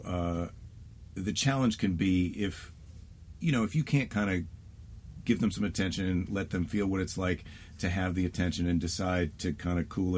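A man's voice: low-pitched, a little mellow, slight background noise. A man who is a stand-up comedian, chatting casually and acting out quoted lines as he tells stories. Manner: storytelling, acts out quoted lines. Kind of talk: casual chat.

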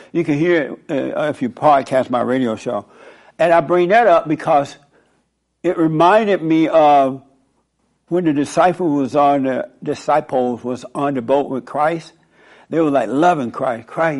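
A man's voice: a little high, darkish tone. Rambling male radio host. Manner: rambling, storytelling, moralizing. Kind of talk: preachy radio monologue.

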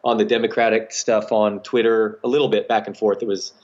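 A man's voice: on the low side, flat delivery, fairly quick, darkish tone, lo-fi sound. A man co-hosting a podcast in a laid-back, hesitant way, with many fillers. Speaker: podcast co-host. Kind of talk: casual podcast chat.

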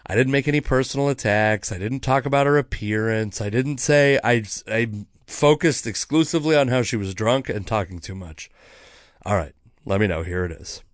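A man's voice: mid-range voice, moderate pace, no room sound, clean studio sound. A man hosting his own podcast, casually telling a story about a heckler with lots of swearing. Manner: profane, animated storytelling. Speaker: podcast host, comedian.

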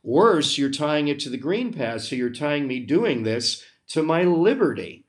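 A man's voice: fairly high pitch, big pitch swings, a little slow. An American man hosting a podcast, delivering an emphatic, sarcastic opinion monologue with open indignation. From United States. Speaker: podcast host.

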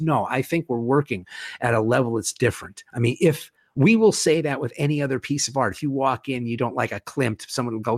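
A man chatting enthusiastically as a guest, animated, with casual swearing. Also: mid-range voice, brisk, husky, dry recording, studio quality. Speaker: guest, horror author and podcast host. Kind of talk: casual conversation.

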